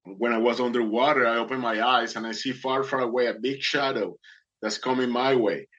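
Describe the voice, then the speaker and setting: A man's voice: mid-range voice, steady tone, a little fast, fairly bright tone, lo-fi sound. A man earnestly telling a dramatic personal testimony, acting out the people in it. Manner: earnest, dramatic, acts out voices.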